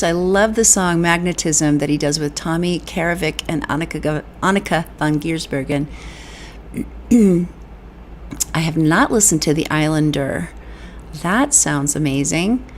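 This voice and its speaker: A woman vocal coach reacting live to a performance, reading viewers' comments aloud and breaking into gushing exclamations of awe. Her voice sits fairly low for a woman. A faint hiss runs under the recording. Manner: enthusiastic, breathy exclamations of awe.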